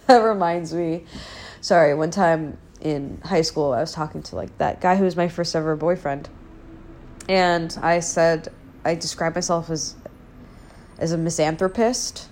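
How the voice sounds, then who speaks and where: A woman in her twenties with a low voice talks on her own in a loose, rambling way, putting herself down and swearing freely. She is recording in her apartment, with a faint background hum. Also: steady tone, unhurried, long pauses, a little mellow. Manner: candid, self-deprecating, rambling with fillers and profanity. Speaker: podcast host. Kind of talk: casual solo chat. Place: old apartment, indoors.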